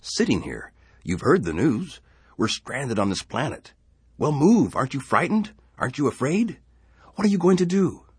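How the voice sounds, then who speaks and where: A man's voice: mid-range voice, very animated, normal speed, breathy edge, no room sound, studio quality, pitched above the performer's own voice. A man voicing a frightened settler who talks urgently and pleads with others. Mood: alarmed. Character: anxious male settler, frantic and fearful.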